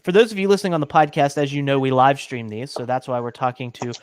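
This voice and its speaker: A man's voice: medium pitch, animated, quick pace, smooth, no echo. A man hosting a casual live-streamed cooking chat, upbeat and talkative, reading out viewers' comments as he goes. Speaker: host.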